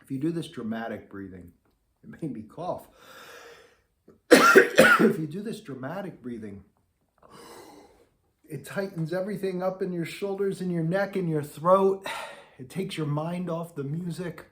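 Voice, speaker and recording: A man's voice: a little high, lively intonation, moderate pace, fairly bright tone. A man teaching beginner trombone in an easygoing, conversational way, demonstrating as he explains. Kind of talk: relaxed instructional talk to camera. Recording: echoey room.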